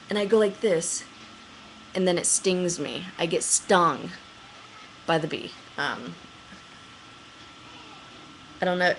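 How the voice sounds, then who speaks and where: A young woman vlogging, telling a story casually with lots of fillers and acting out her own panicked lines in a higher voice. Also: slight background noise, rough recording. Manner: chatty, excitable, many fillers, acts out her own panicked quotes in a higher voice.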